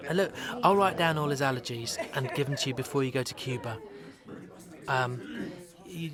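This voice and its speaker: A man's voice: fairly high pitch, close to an everyday voice. An actor playing an awkward, rambling young Englishman at a wedding, talking in hesitant stammers and nervous laughs. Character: awkward rambling man at a wedding, fumbling and overeager. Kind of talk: radio comedy monologue.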